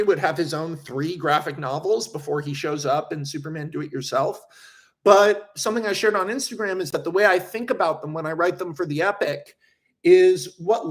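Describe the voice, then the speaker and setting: A young man with a high voice chats casually on a livestream as a streamer, reading out viewer questions and rambling animatedly while swearing often.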